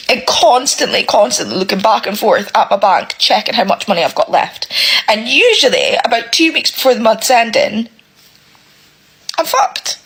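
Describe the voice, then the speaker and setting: A woman's voice: fairly high pitch, expressive, normal speed, a bit bright, breathy edge, low-quality recording. A British single mother venting about bills in a casual, emotional selfie video, swearing often.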